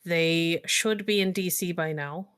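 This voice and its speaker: Worried older grandfather on a voicemail, read by a woman, halting and quietly ominous, pitched a touch low. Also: clean tone, no room sound, studio quality. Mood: concerned.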